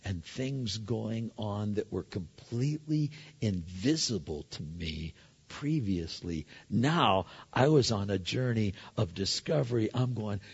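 A middle-aged man preaching a sermon as a pastor, telling stories with sudden loud and quiet turns. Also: fairly low pitch, animated, slow, husky. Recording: long hall reverb, dull lo-fi sound.

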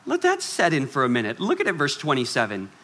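Bright-voiced, animated male preacher. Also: mid-range voice, fast talker. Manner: animated, swings from loud to hushed, acts out quoted voices. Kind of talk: sermon.

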